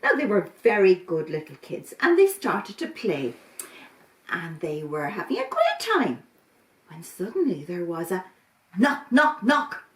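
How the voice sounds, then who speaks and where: Woman telling a kids' story, slow and animated, echoey room, off-mic. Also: lowish voice. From Ireland. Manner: expressive, slow, sing-song, dramatic pauses. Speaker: storyteller, volunteer. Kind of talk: children's story reading. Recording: roomy, from a distance.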